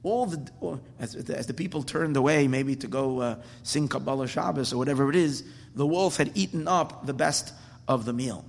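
A man's voice: medium pitch, moderate pace, creaky, long reverb tail. A man voicing a sly, scheming fox who coaxes and persuades, told as a storybook fable. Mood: concerned. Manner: coaxing, persuasive.

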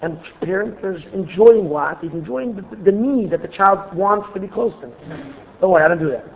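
A man teaching a Torah class in an earnest, expressive way, often repeating words as he restarts. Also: sits high, a little fast. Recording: tinny phone-like recording.

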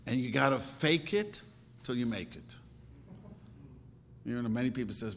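A man speaks in an earnest, emphatic way, his voice swelling into loud bursts as he makes a point. The sound carries a long hall reverb over a faint low rumble. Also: animated, measured pace, long pauses. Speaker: rabbi giving advice. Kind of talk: informal religious talk.

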